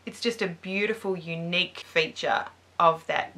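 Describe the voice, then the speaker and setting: A woman's voice: fairly low pitch, normal speed, sharp tone. An Australian woman hosting a casual beauty vlog chat, talking with enthusiasm. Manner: enthusiastic, gushing. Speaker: beauty vlogger host.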